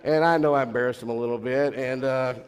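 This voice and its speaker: A man's voice: mid-range voice, fairly even intonation, fast, clear, resonant tone. A middle-aged man, a pastor, preaching from the front of a church and rambling through family stories with repeats, restarts and laughs. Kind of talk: anecdotal sermon. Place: church sanctuary. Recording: long church reverb.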